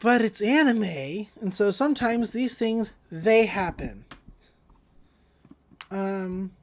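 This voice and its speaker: A woman's voice: medium pitch, animated. Young woman acting out anime scenes. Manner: retells scenes with quick acted voices for each character. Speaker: podcast co-host. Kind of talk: casual recap of an anime episode.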